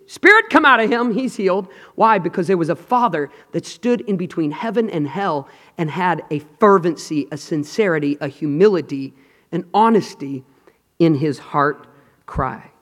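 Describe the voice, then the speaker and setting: A man preaching a sermon with passion, swinging from loud cries to hushed whispers. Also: on the high side, moderate pace. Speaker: pastor. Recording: long hall reverb.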